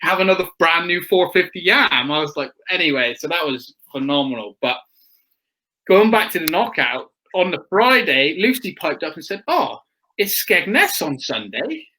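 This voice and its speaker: Bright chatty man telling stories. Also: a little high, very animated, normal speed, low-quality recording. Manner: chatty storyteller, laughs often, acts out quotes. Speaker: guest motocross rider. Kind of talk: casual chat.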